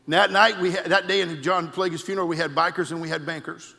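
A male pastor, preaching a sermon with shouted emphasis and telling comic anecdotes. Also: fairly high pitch, fairly even intonation, quick pace, creaky. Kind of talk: sermon with storytelling. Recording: long hall reverb.

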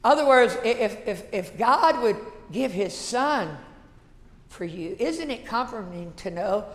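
A man, a pastor telling a folksy story in a sermon that builds to shouted passion. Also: high-pitched, lively intonation, unhurried. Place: church sanctuary. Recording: echoey church hall.

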